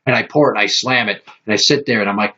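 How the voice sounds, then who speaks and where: A man hosting a podcast, telling profane, animated stories in casual chat. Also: lowish voice, very fast, highs cut off. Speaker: podcast host.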